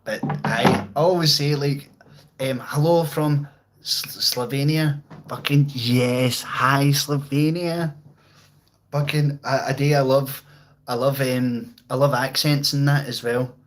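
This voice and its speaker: Laid-back, slow-talking Glaswegian man. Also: mid-range voice, steady tone, a little hiss or hum, poor audio. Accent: Glaswegian Scottish. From Scotland, outskirts of Glasgow. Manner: rambling, sweary, jokey, laid-back. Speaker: livestreamer. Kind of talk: casual live-stream chat reading comments. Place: at home with guitar and amp.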